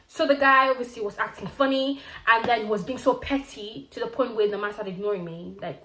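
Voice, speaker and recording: A young woman from Zimbabwe tells a casual vlog story. She talks in a lively, slangy way and acts out the quotes. Her voice sits at an ordinary pitch, and a room echo hangs around it. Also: brisk. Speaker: vlogger. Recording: roomy echo.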